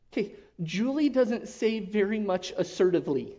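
A man giving an emotional personal testimony to his church, earnest and halting, often dropping to a hush. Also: sits high, animated. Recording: dull lo-fi recording.

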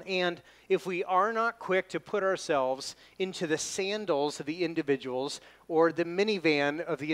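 Guy preaching a sermon, kinda high voice, punches key words and slows right down on the verses. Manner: emphatic, slows down to stress scripture readings. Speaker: pastor. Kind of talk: expository sermon.

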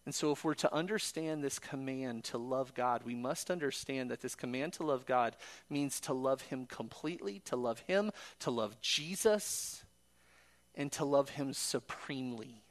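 A man's voice: medium pitch, normal speed. A man preaching a sermon in an earnest way, quoting scripture and building to emphatic peaks.

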